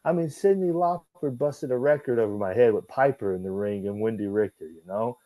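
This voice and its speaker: A man's voice: mid-range voice, fairly quick, mellow, dry recording. A man who used to wrestle, talking as an interview guest in a loose, swearing style, laughing as he tells his stories. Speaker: guest, former pro wrestler. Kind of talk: casual interview storytelling.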